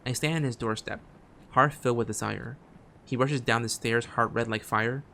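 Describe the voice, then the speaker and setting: A man streaming a game, reading its text aloud, often stumbling and restarting phrases and dropping quiet asides. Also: mid-range voice, fairly even intonation, normal speed, vocal fry, slight background noise. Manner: drops quiet asides between read lines.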